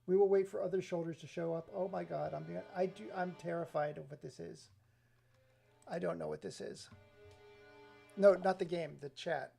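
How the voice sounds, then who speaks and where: A man live-streaming, rambling excitably to his chat viewers with frequent laughs. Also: fairly high pitch, moderate pace, gravelly, soft background music. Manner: excitable, scattered, talks to chat, laughs often.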